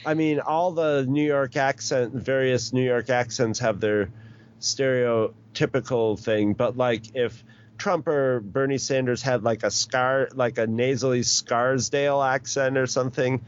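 A man's voice: medium pitch, fairly even intonation, measured pace, smooth. A middle-aged man in casual chat, rambling along with many restarts and chuckles. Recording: dull lo-fi recording.

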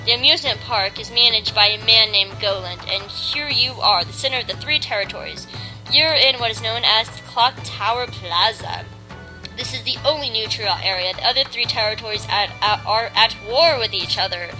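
A young woman hosts a podcast in a casual, bubbly manner, full of filler words. Her voice sits somewhat high. Music plays clearly behind her talk. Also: normal speed, sharp tone, poor audio. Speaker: podcast host. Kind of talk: casual review chat.

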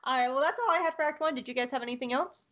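Brief: higher-voiced woman podcast host, animated and profane, dull lo-fi close mic. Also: rapid-fire. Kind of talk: casual episode recap.

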